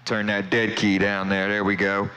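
A man's voice: on the low side, little pitch movement, normal speed, pushed and bright, smooth, low-quality recording. A man chatting on CB radio from his home station, friendly and repeating his call sign and sign-offs. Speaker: CB radio operator. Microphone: CB radio microphone.

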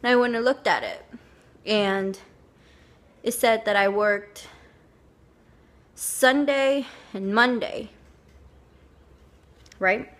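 Young woman, casual vlog chat, rambling with fillers, unhurried, fairly high voice. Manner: rambling, chatty storytelling with many fillers. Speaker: vlogger.

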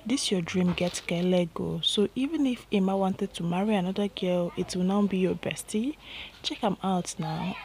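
A woman's voice: fairly low pitch, normal speed, darkish tone, a little hiss or hum, natural voice. A Nigerian woman voicing Ella, a joking young friend who teases in playful pidgin. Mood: teasing.

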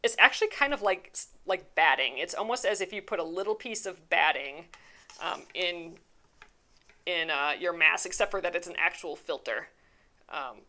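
A woman's voice: lowish voice, normal speed, pushed and bright. A young woman hosting a live embroidery stream, chatting casually and rambling through viewer questions with fillers, restarts and easy laughs. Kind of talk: casual live crafting chat, answering viewer comments.

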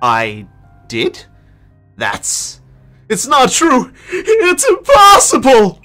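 A man's voice: a little high, animated, measured pace, a bit bright, soft background music. A man reading aloud as a distraught teenage schoolgirl, in an emotional, tearful way. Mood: panicked. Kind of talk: dramatic reading of a game.

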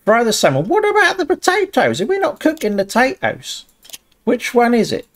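A man narrates his own gameplay, cursing often and talking himself through each step. His pitch swings widely, and he jumps into high yelps when something goes wrong. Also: huge pitch swings, moderate pace. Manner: swears a lot, talks himself through the tasks. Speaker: gaming channel host. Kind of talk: casual gameplay commentary.

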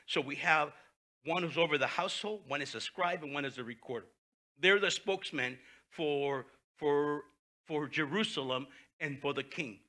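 A male pastor preaching a sermon, reading scripture aloud with animated, dramatic delivery. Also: fairly high pitch, normal speed.

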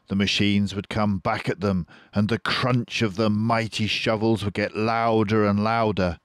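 An older British man reading a children's book aloud in a slow, expressive storytelling manner. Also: low voice, dry recording, studio quality.

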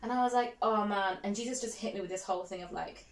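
A woman with a Black Country accent chats as a podcast guest, her stories rushing out quickly and full of feeling. She laughs easily and keeps a bubbly, lively manner. Her voice has a roomy echo around it. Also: mid-range voice. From Black Country, England. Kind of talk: casual chat.

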